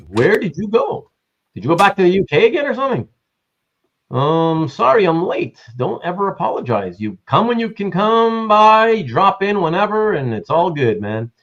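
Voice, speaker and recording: A man hosting a casual livestream who greets viewers and reads the chat aloud in a rambling, animated way. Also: a little high, normal speed, lo-fi sound. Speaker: livestream host.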